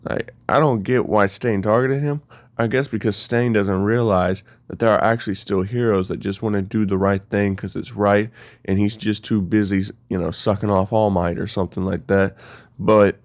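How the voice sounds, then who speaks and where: Low-voiced man casually retelling a story. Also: fairly even intonation, moderate pace, dry recording, studio quality. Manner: casual, rambling, filler-heavy.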